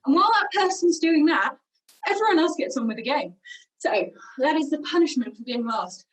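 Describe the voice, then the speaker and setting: Calling out moves as she walks the room, a high-voiced British woman leads a singing workshop's energetic warm-up game over video. The mic catches her from afar, a little breathless, and she talks fairly quickly.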